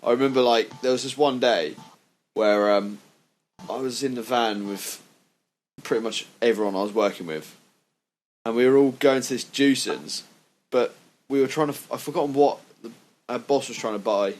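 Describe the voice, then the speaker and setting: A man's voice: medium pitch, moderate pace, long pauses. A young man co-hosting a podcast, telling stories in a casual chat, swearing freely and sounding indignant. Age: young adult. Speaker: podcast co-host.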